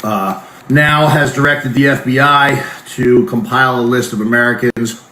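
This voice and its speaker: A man's voice: medium pitch, steady tone, normal speed, bright, forceful tone. A man giving sarcastic political commentary in a drawling way. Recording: echoey room with faint noise.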